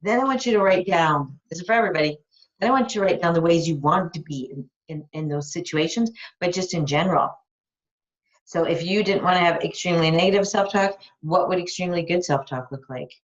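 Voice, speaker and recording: Frank, enthusiastic woman coach, lowish voice. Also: fairly quick. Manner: enthusiastic, frank, swears casually. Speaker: life coach. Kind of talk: live coaching call, answering a listener's question. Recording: dull lo-fi recording.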